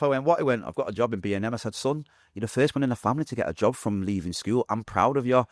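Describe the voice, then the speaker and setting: On a podcast, a man in his forties from Manchester, England, with a Mancunian accent, openly recounts his life, rattling along quickly and performing quoted lines in character. His voice sits on the low side, and the recording is studio quality with no echo.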